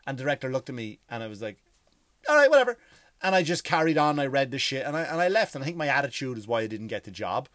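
An Irish man from Ireland ranting casually, profane and animated, firing off rhetorical questions. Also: mid-range voice, very fast, hardly any pauses, no room sound, studio quality.

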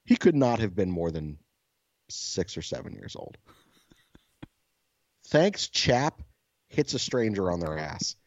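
The speaker is a male podcast co-host with a low-sitting voice and normal speed, telling a story through casual, profane chat and acting out quotes with animation. The audio is dull, with no room sound.

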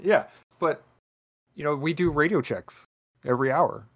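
A man hosting a podcast in casual chat, swearing freely and rambling through animated stories. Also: fairly high pitch, moderate pace, lo-fi sound. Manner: profane, rambling, animated storytelling.

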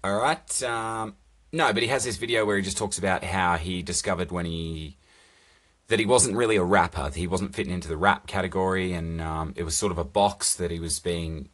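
Young male podcaster, very low voice, profane rambling solo chat. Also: a little fast, fairly bright tone. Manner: rambling, profane, jokey asides. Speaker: podcast host. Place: recording alone on a phone. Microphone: phone.

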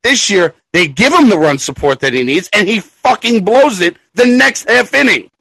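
A man's voice: high-pitched, animated, normal speed, creaky, husky, no echo, low-quality recording. A man ranting angrily about his teams on a sports podcast, swearing and raising his voice. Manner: angry profane ranting, shouting at times. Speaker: podcast co-host. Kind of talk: casual sports chat.

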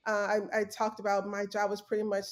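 A woman's voice: medium pitch, completely flat delivery, fairly quick. Young woman guest, earnest, lots of ums and restarts, chatty interview. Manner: earnest, storytelling, many fillers and restarts. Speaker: guest, former journalist. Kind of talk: casual interview conversation.

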